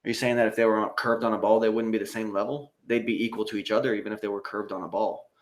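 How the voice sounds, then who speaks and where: A man's voice: lowish voice, fairly even intonation, fast. An American man hosting a live stream, reading out viewer comments and reacting in profane, rambling casual talk, with frequent laughter. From United States.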